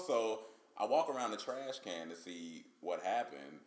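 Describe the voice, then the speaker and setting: A young man from North Carolina, a comedian guest telling jokey, animated stories in a casual interview, acting out the voices of the people in them. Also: on the low side, a little slow, reverberant. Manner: jokey, acts out voices in his stories, lively.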